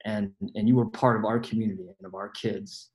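A man from a church community giving a heartfelt, halting farewell speech over a video call, pausing often with fillers. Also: lowish voice, fairly even intonation, darkish tone, poor audio. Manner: earnest, halting, with many pauses and fillers. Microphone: video call mic.

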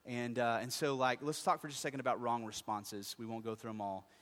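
Speaking briskly in a mid-range voice with fairly even intonation, a male pastor preaches, quizzing his congregation and answering himself. He drifts between soft asides and loud, heated stretches, recorded amid the lingering reverb of a large hall.

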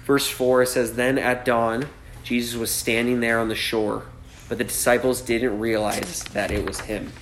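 A man's voice: mid-range voice, level tone, moderate pace, fairly bright tone, slight background noise. Casual preaching man in an echoey room. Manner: conversational preaching, many "right?" and "like" asides. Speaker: pastor. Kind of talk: sermon. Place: church gathering.

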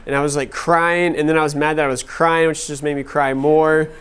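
A man's voice: on the high side, level tone, brisk, fairly bright tone, clear, resonant tone. A man in his thirties teaching a class, telling personal stories casually with lots of "like" fillers. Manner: casual, many "like" fillers, laughing at own stories. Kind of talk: storytelling talk to a class.

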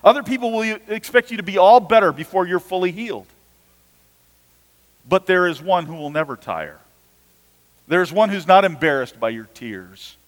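A man's voice: high voice, lively intonation, normal speed, pauses often, long reverb tail. A man preaching an earnest sermon as a pastor, often repeating and restarting his words.

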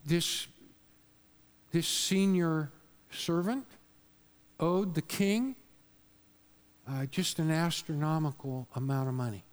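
A man's voice: a little high, in a large hall. A man preaching a sermon in a conversational, storytelling way, often correcting himself mid-sentence. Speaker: pastor.

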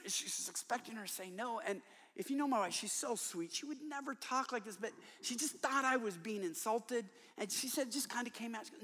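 A man's voice: very high voice, a little fast, pushed and bright, long reverb tail. An older man preaching a sermon in a large church, telling stories with humor and emphasis. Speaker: conference speaker and author.

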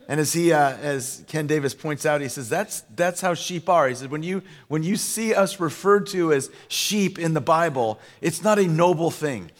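A man's voice: a little high, normal speed, big-room sound. A male pastor preaching a sermon, telling a story in a loose, conversational way with frequent fillers and restarts.

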